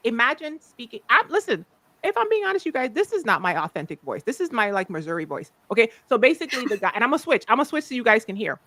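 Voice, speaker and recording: A woman's voice: mid-range voice, pushed and bright, no echo. A playful woman from the Virgin Islands hosting a casual chat as a life coach. She jokes, laughs often and talks loosely to her viewers.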